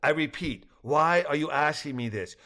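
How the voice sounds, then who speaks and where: A man's voice: a little high, normal speed, bright, forceful tone. An older man voicing a curt, guarded male doctor of engineering in a read-aloud story. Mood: wary.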